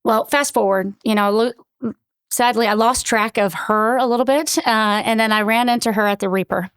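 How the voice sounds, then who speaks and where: A woman's voice: fairly high pitch, steady tone, moderate pace, fairly bright tone, smooth, dry recording. A middle-aged woman, a military commanding officer, telling stories earnestly in an interview with many fillers. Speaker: battalion commanding officer, guest. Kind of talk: conversational interview storytelling.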